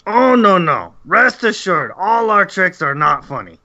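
A man's voice: high voice, sing-song, measured pace, sharp tone, pitched above the performer's own voice, full character voice. A man voicing a small, dim male goblin guard who speaks in broken grammar, eager and fawning, on dull lo-fi audio. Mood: nervous.

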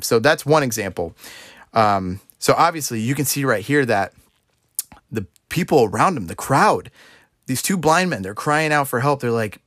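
A young man with a mid-range, lively voice preaches an informal sermon at a moderate pace, his tone fairly bright in a dry, clean studio recording. He's conversational and rambling, often restarting his sentences, correcting himself, and laughing as he talks.

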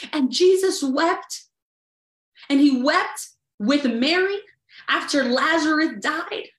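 A woman with a high voice delivers a sermon, earnest in tone. She builds emphasis by repeating phrases one after another. The room around her is echoey. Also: a bit bright. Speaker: preacher. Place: livestreamed service.

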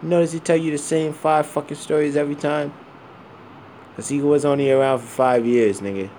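Blunt cursing guy around 40 rambling off the cuff, mellow dark voice, faint hum behind. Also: on the high side, steady tone, brisk. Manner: blunt, profane, rambling with many fillers. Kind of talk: candid personal monologue.

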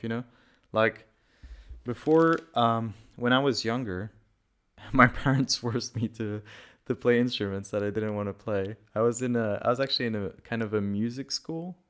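A man's voice: on the low side, moderate pace, clear, resonant tone. A man hosting a casual solo podcast, a native Portuguese speaker who is a bit sick with a dry throat, rambling and correcting himself as he goes. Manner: rambling, self-correcting, loose and conversational. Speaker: podcast host.

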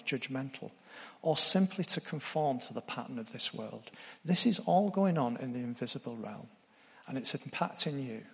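A man's voice: mid-range voice, fairly bright tone, in a large hall. A man preaching a sermon, earnest, putting direct questions to his congregation.

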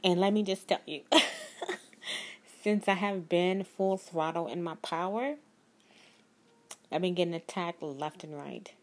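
A woman's voice: on the low side, slow, pauses often. Earnest woman. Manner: earnest, emphatic, speaks of God. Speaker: spiritual life coach. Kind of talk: personal storytelling to viewers.

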